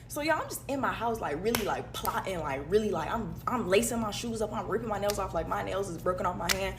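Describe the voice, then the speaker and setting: A woman telling a storytime to camera, rapid, heated and emphatic. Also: mid-range voice, slight background noise.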